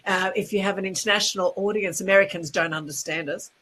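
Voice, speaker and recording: A woman with an Australian accent, a speaking coach talking quickly and chattily as a guest in an interview. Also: medium pitch, steady tone, fairly bright tone, low-quality recording. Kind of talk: casual interview chat.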